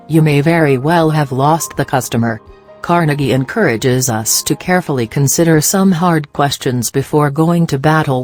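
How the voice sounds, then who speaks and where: Measured instructional narrator over soft music. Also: mid-range voice. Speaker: narrator of a business training video. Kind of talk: scripted narration.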